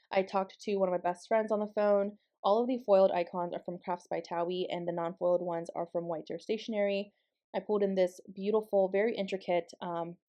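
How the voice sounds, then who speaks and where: A woman's voice: medium pitch, dark tone. A young woman rambling casually in a planner voice-over, full of fillers and side tangents. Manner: rambling, chatty, many fillers and asides. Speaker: planner vlogger.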